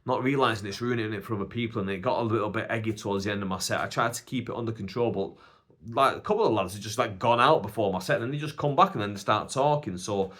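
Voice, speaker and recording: A man's voice: lowish voice, quick pace. A man with a Greater Manchester accent hosting a podcast, telling a rambling comic story and acting out both sides of each conversation. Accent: Northern English, Greater Manchester. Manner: animated, acts out both sides of dialogue. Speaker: podcast host and stand-up comedian. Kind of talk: casual storytelling.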